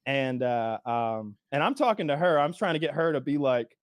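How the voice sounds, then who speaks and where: A man co-hosting a podcast tells a story in casual conversation, animatedly mimicking the people in it. His voice sits in the mid range at a normal pace, recorded with studio quality and no echo.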